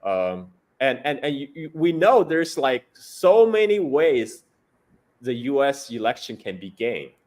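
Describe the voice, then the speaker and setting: A man's voice: medium pitch, big pitch swings, measured pace, darkish tone. A man giving casual political commentary, ranting with many restarts and repeated words; his is not English. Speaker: guest commentator.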